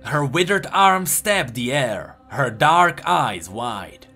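Animated man reading a fantasy story. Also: medium pitch, slow, breathy edge. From Czech Republic. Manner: expressive, animated. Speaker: lore narrator. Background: faint background music.

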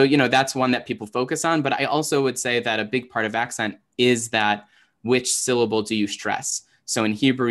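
Michigan guy with a toned-down accent, chatty teacher explaining stuff, lots of ums, kinda low voice, video call. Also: a bit bright. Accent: muted Michigan. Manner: chatty, frequent ums and restarts. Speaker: Hebrew teacher. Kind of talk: casual explanatory talk.

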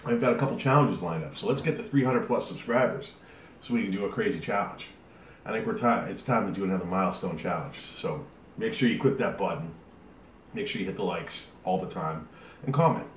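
Low-voiced man chatting in a roomy space. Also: animated, a little fast, far from the mic. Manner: rambling, chatty, with many fillers. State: sweating from eating a hot pepper. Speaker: YouTube host. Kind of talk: casual vlog talk to camera. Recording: roomy echo, off-mic, faint hiss.

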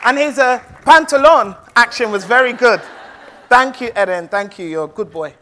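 Playful high-voiced woman storyteller. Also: animated, normal speed, sharp tone, some chatter behind, a little hiss or hum. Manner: playful, rhythmic, call-and-response. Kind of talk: live storytelling to an audience.

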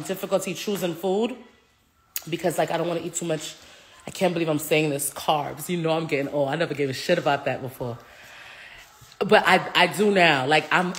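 A woman in her thirties, a reality TV cast member, chatting casually in an interview at a restaurant table, animated, swearing freely and laughing often. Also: low voice, slight background noise. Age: 30s.

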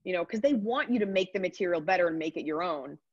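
A chatty, upbeat woman comedian in her thirties answers interview questions in a lowish voice. Her video call audio is dull and dry. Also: lively intonation, husky, no echo. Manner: chatty, upbeat, rapid asides. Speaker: comedian guest. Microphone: computer mic on a video call.

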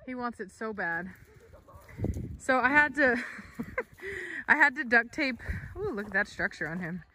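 A woman's voice: a little high, big pitch swings, measured pace, sharp tone, a little hiss or hum. A woman, filming a casual vlog outdoors as she plays with her dogs, laughing and calling commands to them.

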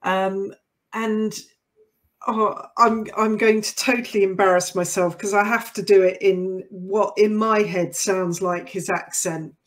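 A woman's voice: medium pitch, fairly even intonation, a little slow. A middle-aged woman hosting a podcast, chatting in a conversational way with frequent fillers and easy laughter, and closing with a scripted outro. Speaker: podcast host.

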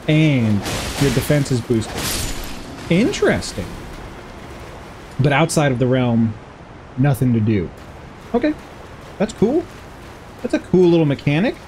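A man's voice: medium pitch, a little mellow, a little hiss or hum. A man playing a video game and chatting through it in a playful, rambling way, giggling and talking to the characters on screen. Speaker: gameplay streamer. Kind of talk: casual game commentary.

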